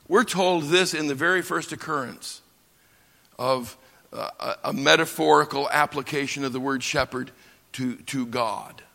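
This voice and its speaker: A man from the United States teaching a lecture on scripture, slow and emphatic, pausing for effect and building his lines up. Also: medium pitch, gravelly, sharp tone. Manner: slow, emphatic delivery with dramatic pauses and swells. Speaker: Bible teacher. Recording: long reverb of a large hall.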